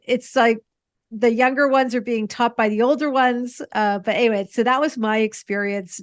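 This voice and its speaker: A woman's voice: a little high, dry recording, studio quality. A woman moderating a panel, telling a light story with frequent laughs and fillers. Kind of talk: casual panel chat.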